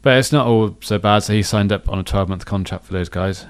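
A podcast co-host with a lowish, clear, resonant voice speaks at a quick pace. His casual talk rambles, and he keeps correcting himself in a chatty way.

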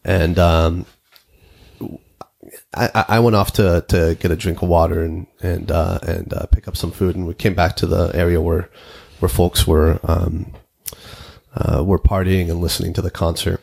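Very deep, gravelly, husky-voiced man. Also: level tone, normal speed, darkish tone. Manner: rambling, anecdotal, many fillers. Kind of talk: casual conversation, storytelling.

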